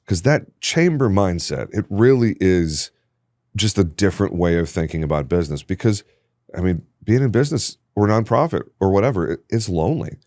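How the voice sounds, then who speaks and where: Male podcast host, very low voice, emphatic, dry studio mic. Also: lively intonation, moderate pace, darkish tone, dry recording. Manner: emphatic and enthusiastic. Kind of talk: casual conversation.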